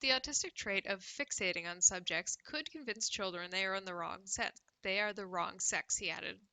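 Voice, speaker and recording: A woman's voice: mid-range voice, normal speed, sharp tone, rough recording. A woman from Canada with a Canadian accent, hosting a casual livestream and reading news with sarcastic asides. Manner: sarcastic, laughs often, drinks cider on stream. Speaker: livestream host.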